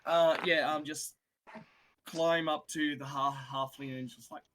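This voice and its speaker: Casual male player, slightly high voice, hesitant banter with a faint hiss behind. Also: flat delivery, measured pace, a bit bright. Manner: casual, hesitant, laughing easily. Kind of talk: casual tabletop play.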